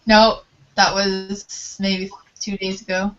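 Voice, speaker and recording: A woman's voice: mid-range voice, flat delivery, slow. A young woman chatting casually, giggly, telling stories with lots of "I was like". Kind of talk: casual chat. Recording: dull lo-fi call audio.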